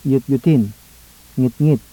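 A man from the Philippines with a warm, very dark voice pronounces single words one at a time. Each word is careful and clipped. White noise hisses under the old 1970s tape recording. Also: mid-range voice, measured pace, low-quality recording. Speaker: language informant.

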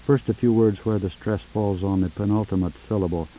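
A man leading a formal phonetics demonstration, reading English prompts in a measured, precise way on a 1970s tape recording. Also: on the low side, fairly even intonation, warm tone, a little hiss or hum, rough recording. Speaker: linguist recording a language informant.

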